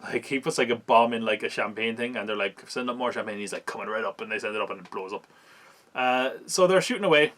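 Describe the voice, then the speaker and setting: A man's voice: medium pitch, fast, fairly bright tone. A man, hosting a podcast and recapping a film in casual, wry chat, laughing at it as he goes. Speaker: podcast host reviewing a film.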